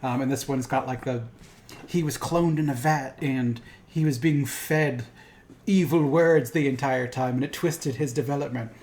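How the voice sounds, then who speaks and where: A man's voice: medium pitch, normal speed, a little mellow. A young podcast co-host in a middle voice, rambling through his points with plenty of asides and swearing. A faint hiss sits behind him. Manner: rambling, profane, fond of asides. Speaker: podcast co-host and game master. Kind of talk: casual chat about a cartoon series.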